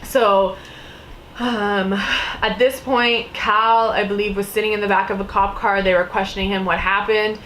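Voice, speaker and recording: A young woman tells a personal story to her camera in a loose, chatty way, her sentences stacked with "like" and "you know". She slips into a higher pitch whenever she acts out someone's lines. A faint hiss sits under her voice. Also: moderate pace, low-quality recording. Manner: animated storytelling, acting out quotes in a higher voice; filler-heavy, lots of "like" and "you know". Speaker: vlogger. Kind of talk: casual storytime.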